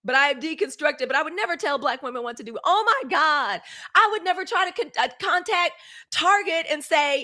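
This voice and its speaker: Hosting a laid-back livestream, this Mississippi woman with a Southern accent addresses her viewers directly as y'all, blunt, fiery and cursing. Her high voice is animated, fairly quick, pushed and bright.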